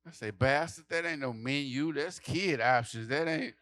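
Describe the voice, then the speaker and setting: A man doing a stand-up comedy set, telling a story loudly and acting out the people in it, with lots of swearing. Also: medium pitch, normal speed, no echo. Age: adult. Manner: loud animated storytelling, acting out characters, profane.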